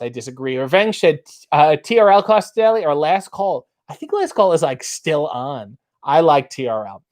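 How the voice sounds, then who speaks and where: A man with a slightly high, darkish voice hosts a casual livestream from a dark room with a black backdrop. He reads viewer comments aloud and riffs on them in a dry, wry way.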